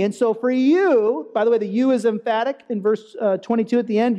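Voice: medium pitch, brisk, few pauses, dark tone. A preacher giving a conversational sermon who often checks in with the listeners by asking "right?" and acts out quoted speech with animation. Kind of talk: conversational sermon on a Bible passage.

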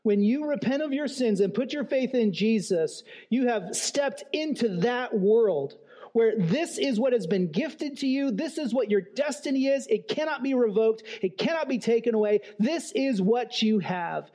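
High-voiced earnest man preaching. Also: warm tone. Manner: earnest, rhetorical questions, emphatic repetition. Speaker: pastor. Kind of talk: sermon.

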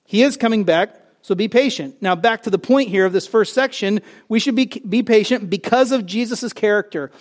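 Animated high-voiced male preacher. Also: normal speed. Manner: animated preaching, rising loud on key phrases, joking asides. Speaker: pastor. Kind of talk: sermon.

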